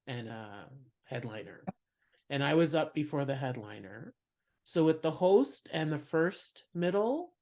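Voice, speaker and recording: A woman comedian chats as a podcast guest in a low, grounded voice. She tells her stories with animation and breaks into laughter often. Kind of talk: casual podcast chat.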